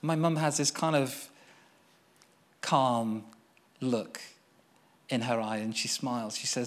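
A young man preaching as he tells a personal testimony, earnest and storytelling, swinging from excited to hushed. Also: mid-range voice, takes it slowly, pauses often.

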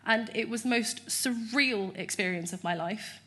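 Woman, bright clear tone, chatty storytelling, church testimony. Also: on the high side, measured pace. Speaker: church member giving testimony. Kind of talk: testimony interview.

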